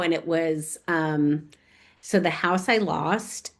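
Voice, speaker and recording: A woman's voice: deep voice, measured pace. A middle-aged American woman, a real estate agent and author, telling stories in a casual interview and acting out remembered conversations. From United States. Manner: animated, acts out remembered dialogue.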